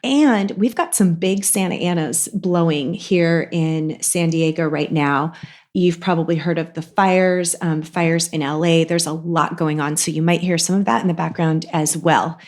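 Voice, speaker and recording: A woman's voice: low voice, fairly even intonation, moderate pace, a little mellow. A woman hosting a podcast alone, a little congested, talking in a chatty, conversational way. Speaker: podcast host. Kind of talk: casual podcast monologue.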